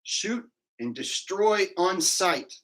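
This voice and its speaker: A man's voice: high-pitched, animated, slow pace, a bit bright. A man hosting a livestream, chatting casually, rambling and mocking, laughing at his own jokes. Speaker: livestream host.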